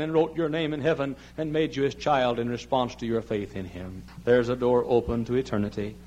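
A man preaching a sermon as pastor, pleading loudly and then dropping low and quiet. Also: steady tone, a little fast, hardly any pauses, poor audio. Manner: impassioned preaching, swinging from loud high pleading to low quiet tones.

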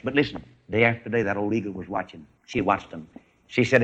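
A man preaching, telling a folksy animal story with animated delivery. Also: medium pitch, fairly quick. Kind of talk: sermon storytelling.

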